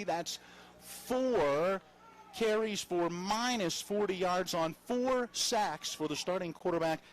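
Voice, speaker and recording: A man with a West Virginian accent calling a high school football game live, reading sponsor spots between plays and climbing in pitch on big plays. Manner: fast, rising excitement on big plays, chatty asides. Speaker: play-by-play announcer. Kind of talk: live sports commentary with sponsor reads.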